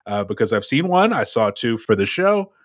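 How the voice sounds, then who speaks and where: A man's voice: fairly low pitch, big pitch swings, moderate pace, no room sound, clean studio sound. A man co-hosting a movie podcast, musing thoughtfully in casual chat. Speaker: podcast co-host.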